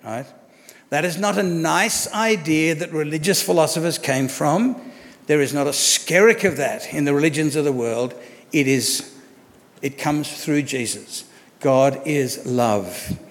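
A man's voice: a little high, long reverb tail. A man preaching a sermon as pastor, conversational and asking rhetorical questions of the congregation.

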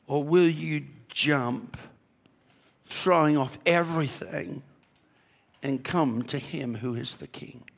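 A man's voice: on the high side, takes it slowly, gravelly, pauses often. A man preaching a sermon to a congregation in a church, emphatic, with rhetorical questions and repeated key phrases. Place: church sanctuary. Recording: long hall reverb.

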